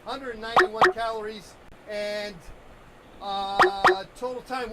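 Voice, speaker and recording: A man's voice: high voice, expressive, brisk, heavy background noise. A man hosting a live talk show while walking on a treadmill, rambling with many fillers and restarts. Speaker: show host painting on a treadmill.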